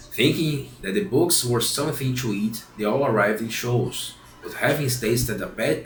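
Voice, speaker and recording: A man reading a children's classic aloud, often restarting and repeating phrases as he goes. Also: lowish voice. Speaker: reader. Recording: roomy echo, faint background hiss.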